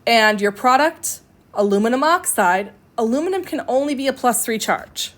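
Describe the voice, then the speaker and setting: A woman with a slightly high voice gives a recorded chemistry lecture. She explains each step in a conversational tone and often corrects herself as she goes. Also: animated, normal speed. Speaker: chemistry instructor.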